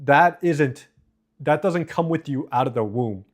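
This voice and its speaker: On a live stream, a man with a fairly high, animated voice works through viewer comments, answering them. His style is loose and profane, full of rambling and quick asides.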